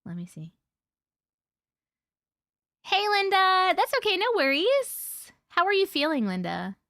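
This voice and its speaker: A woman with a very high voice and wildly swooping pitch hosts a casual livestream, speaking in an unhurried way with a fairly bright tone. Recorded in studio quality with no echo, she chats bubbly, reads comments, and greets viewers by name.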